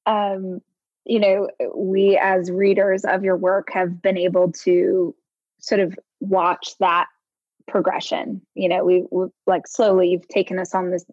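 Unhurried woman host, supportive interviewer, dull dry audio. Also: mid-range voice, little pitch movement, darkish tone, dry recording. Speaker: podcast host. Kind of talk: interview conversation.

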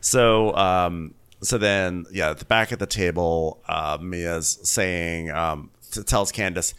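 A man's voice: deep voice, slow pace, fairly bright tone, smooth. A man co-hosting a podcast, giving a rambling, laid-back recap of a reality show in casual chat. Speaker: podcast co-host.

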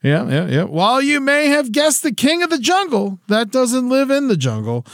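A man's voice: extremely high pitch, huge pitch swings, moderate pace, a bit bright, dry recording, clean studio sound. A man co-hosting a podcast in a laid-back, rambling way, swearing freely. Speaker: podcast co-host. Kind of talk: casual chat.

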